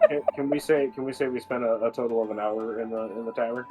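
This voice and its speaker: A man's voice: mid-range voice, steady tone, quick pace, dark tone, faint music behind, low-quality recording. A man playing a tabletop game with friends over a call, joking and restarting his sentences. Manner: joking, stumbling restarts, swears. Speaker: player. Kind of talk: casual tabletop game chat.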